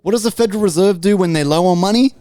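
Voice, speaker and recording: A young man with a high voice tells rowdy stories on a podcast. He swears constantly and laughs his way through each one. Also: rapid-fire, dark tone. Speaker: podcast co-host. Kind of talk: casual chat.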